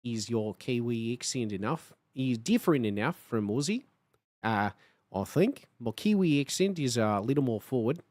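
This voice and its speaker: A man's voice: mid-range voice, expressive, moderate pace, darkish tone, no echo, studio quality. A young man hosting a live stream, chatting casually with viewers, swearing and laughing often. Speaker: livestream host.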